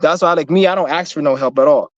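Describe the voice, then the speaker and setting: A man's voice: on the high side, fast, no echo. Blunt, profane young man ranting. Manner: blunt, profane, rambling with restarts. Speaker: vlogger. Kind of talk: casual motivational rant. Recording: slightly muffled lo-fi recording.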